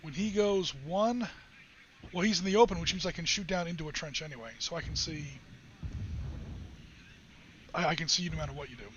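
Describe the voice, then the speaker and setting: A man's voice: a little high, a little fast, long pauses, a bit bright. A man hosting a live wargame stream, chatting, joking and explaining rules in a casual way. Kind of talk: casual chat while explaining game rules. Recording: slightly dull stream audio with faint hiss.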